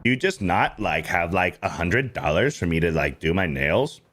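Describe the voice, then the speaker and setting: A whiny woman stretching her words as she asks for nail money, put on by a man. She drawls in a low, dragging voice. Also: lively intonation, normal speed, a bit bright, slight background noise. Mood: mocking. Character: mocked woman asking men for nail money.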